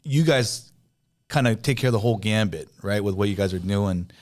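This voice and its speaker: A man hosting a podcast interview in a somewhat low voice. He asks his guests friendly questions and affirms what they say. The chat is relaxed and casual. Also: brisk. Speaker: podcast host.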